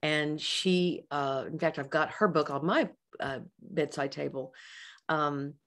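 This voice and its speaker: A woman's voice: sits low, slow, a bit bright. A woman psychologist giving a conversational talk to colleagues, acting out quoted dialogue with restarts and asides. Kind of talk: presentation to colleagues. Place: lecture or webinar setting.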